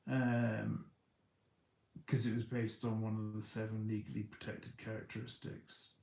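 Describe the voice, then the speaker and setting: A man's voice: fairly low pitch, completely flat delivery, measured pace, gravelly, darkish tone, roomy sound, low-quality recording. A man telling a long story on a casual livestream, stumbling over restarts and repeating words as he goes.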